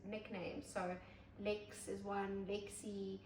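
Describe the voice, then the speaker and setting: Brisk upbeat woman, echoey room. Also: mid-range voice, monotone, darkish tone. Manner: brisk and upbeat, quick agreeing asides. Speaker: podcast co-host. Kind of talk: casual chat. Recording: roomy, distant mic, faint noise.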